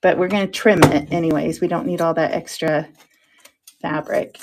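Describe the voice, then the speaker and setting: A woman's voice: deep voice, fairly even intonation, moderate pace, slight background noise. Chatty self-mocking woman crafting. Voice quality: drops into soft whispers while concentrating. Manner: chatty and self-mocking, talks to herself while working, laughs often. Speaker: crafter hosting a making show. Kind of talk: casual crafting chat.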